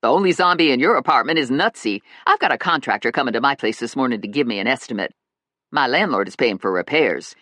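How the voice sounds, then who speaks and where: A sassy, brash woman who talks with big swings and plenty of attitude, as an audiobook narrator plays her. Her voice sits a little lower than the narration, and the recording is dry and close. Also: bright, forceful tone, dry recording. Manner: sassy, emphatic, self-assured.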